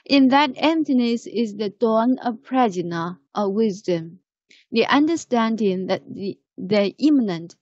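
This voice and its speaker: A woman's voice: on the high side, expressive, a little slow, darkish tone, no room sound, lo-fi sound. A woman, teaching as she patiently corrects pronunciation and reads a text aloud. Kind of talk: language lesson, reading aloud.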